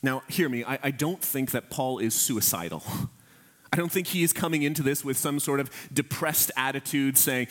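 A pastor with a mid-range, slightly bright voice preaches in an animated, earnest, emphatic way. He addresses the congregation directly and slows down on key phrases.

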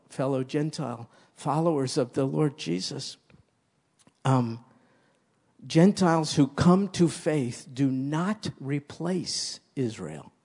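Emphatic preaching man, husky voice. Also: mid-range voice, warm tone. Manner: emphatic, repeats key phrases for stress. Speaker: pastor. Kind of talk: sermon.

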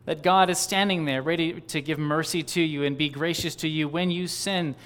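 A man's voice: fairly high pitch, steady tone, moderate pace, fairly bright tone, smooth. A man preaching a sermon, reading old diary passages aloud and building fervent, rhythmic lists. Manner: fervent, rising on exclamations and lists.

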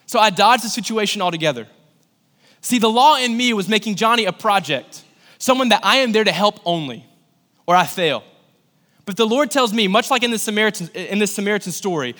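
A man's voice: sits high, a little fast. A young man giving a sermon as pastor, talking in a conversational way and acting out little scenes as he tells stories. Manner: conversational, animated storytelling with acted-out asides. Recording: long hall reverb.

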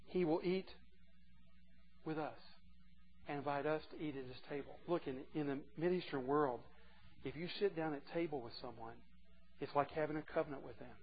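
A man preaching a sermon to a group of men, earnest and moving between hushed and emphatic delivery. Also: on the high side, moderate pace, long pauses. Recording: muffled lo-fi recording.

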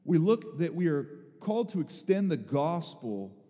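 A man preaching a sermon, telling a personal story in a lively, dramatic storyteller's way, with bursts of raised, excited voice. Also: a little high, a little slow, long reverb tail. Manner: storytelling, animated, rising to excited exclamations. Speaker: pastor.

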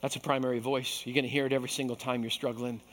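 A man preaching as pastor, animated and acting out voices from the story. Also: mid-range voice, racing, in a large hall, a little hiss or hum. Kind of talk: sermon.

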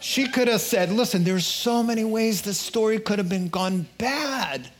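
A pastor preaching a sermon in an animated way, acting out quotes and voices with humor. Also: male voice, high-pitched, moderate pace, a little hiss or hum.

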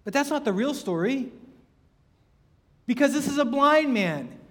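A man's voice: very high-pitched, expressive, unhurried, a bit bright, big-room sound. A man preaching a sermon in a conversational way, full of rhetorical questions and acted-out quotes.

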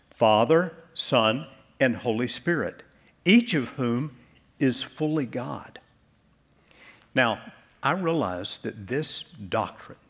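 A man preaching a sermon as pastor, measured and deliberate, slowing down to stress key words. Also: medium pitch, husky.

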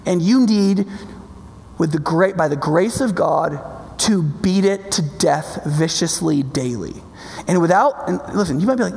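A man's voice: a little high, animated, unhurried, creaky, a little mellow, long reverb tail. A man preaching a sermon in an emphatic, conversational way, often checking in with his listeners. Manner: emphatic, conversational, keeps asking "right?".

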